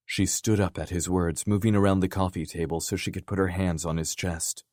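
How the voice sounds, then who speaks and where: Guy reading romance audiobook, deep voice, calm, dry close sound. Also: fairly quick, hardly any pauses, dry recording. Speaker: audiobook narrator. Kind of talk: scripted romance narration.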